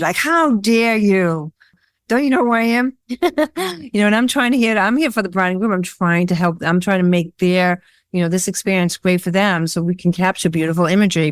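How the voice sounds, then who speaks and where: A woman photographer being interviewed, talking in a rambling, animated storytelling way with lots of fillers. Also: fairly low pitch, no echo, clean studio sound. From Worcester, Massachusetts area. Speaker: guest, photographer. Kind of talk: casual interview chat.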